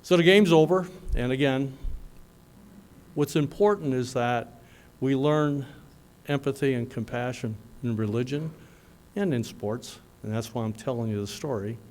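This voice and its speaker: A middle-aged man giving a graduation speech, telling a story in a folksy, animated way with quick asides. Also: medium pitch, a little hiss or hum. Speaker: graduation speaker.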